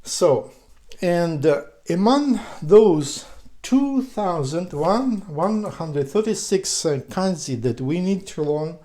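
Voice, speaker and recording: Slow, dark-voiced man teaching. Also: sits high, expressive. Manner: hesitant, many fillers and restarts, patient. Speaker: language teacher. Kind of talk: slow explanatory lesson.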